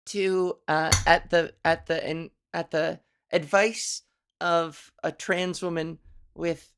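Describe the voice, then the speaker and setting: A woman hosting a casual solo podcast, rambling and self-mocking, laughing at her own jokes while working on a softer voice. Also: on the low side, creaky. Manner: practicing a softer voice with resonance and inflection. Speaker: podcast host. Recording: fan blowing near the microphone.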